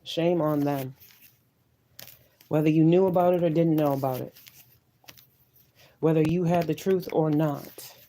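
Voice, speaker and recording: Woman, tarot reader, mellow dark voice, fervent repeated affirmations, occasional swearing. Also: low-pitched, slight background noise, low-quality recording. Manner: emotional, preachy, repetitive affirmations, swears. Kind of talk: live tarot reading.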